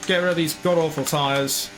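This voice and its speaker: A man's voice: fairly high pitch, steady tone, normal speed, a bit bright, slight background noise. A man commentating his own racing game, frustrated and ranting. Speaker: gaming channel host.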